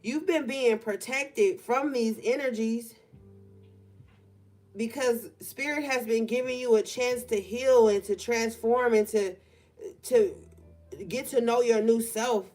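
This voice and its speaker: A young woman gives a collective tarot reading in a relaxed, conversational way, leaning on certain words and slowing down to stress them. Her voice sits slightly high, and she talks from a room by an open window. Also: soft background music. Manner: casual, conversational, drawn-out emphasis. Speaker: tarot reader.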